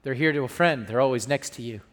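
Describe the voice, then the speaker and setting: A male pastor preaching a sermon with call-and-response asides, moving between hushed and loud delivery. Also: mid-range voice, fast, long reverb tail.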